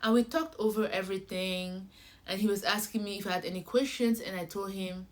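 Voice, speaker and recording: A woman's voice: mid-range voice, fairly quick. Young woman telling a story animatedly. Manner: animated, acts out conversations, addresses viewers directly. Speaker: vlogger. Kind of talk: casual storytelling vlog.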